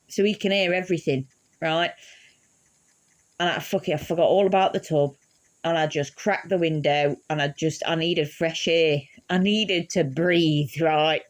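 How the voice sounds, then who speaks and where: Low-voiced woman telling a story. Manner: swears freely, laughs through the story. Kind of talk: casual anecdote.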